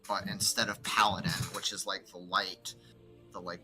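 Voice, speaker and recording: A man's voice: low-pitched, level tone, moderate pace, sharp tone, faint music behind. A man chatting casually about a video game, talkative and full of filler words. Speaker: co-player. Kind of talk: casual gaming chat.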